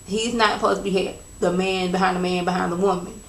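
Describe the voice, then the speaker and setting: A woman casually recapping a TV episode in a chatty, animated, gossipy way. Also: fairly low pitch, quick pace, a little hiss or hum. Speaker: TV episode reviewer. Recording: roomy echo.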